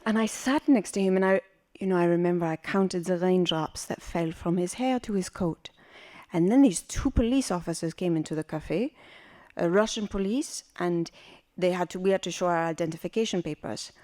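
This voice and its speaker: A woman's voice: fairly low pitch, moderate pace, darkish tone. A woman performing a personal story on stage, wry, vivid and theatrical. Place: library auditorium stage.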